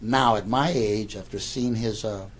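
A man's voice: fairly low pitch, fairly even intonation, measured pace, a little hiss or hum. A man in his sixties casually telling a rambling anecdote, stammering and repeating words as he goes.

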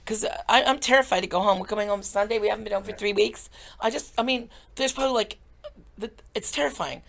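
Giggly woman with a gravelly voice. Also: medium pitch, fast. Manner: giggly, animated storyteller. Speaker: guest. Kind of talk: casual comedic chat.

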